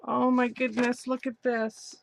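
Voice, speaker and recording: A woman hosting a crafting channel, gushing and gasping with excitement as she opens a birthday package in a casual unboxing vlog. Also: on the high side, a little slow, slight background noise. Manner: gushing, excited, breathy gasps.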